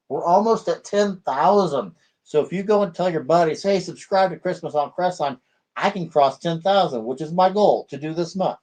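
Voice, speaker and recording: A man's voice: on the high side, a little mellow. A man hosting his own video channel, talking in a chatty, upbeat way with plenty of fillers. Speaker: channel host. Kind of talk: casual vlog chat.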